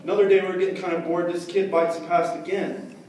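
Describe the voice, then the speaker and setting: A man tells a story live to children, chatty and checking in with questions. His voice sits a little high. He sounds far from the mic in a very echoey hall with noise behind. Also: level tone, fast talker, a little mellow. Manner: chatty, asks the audience questions.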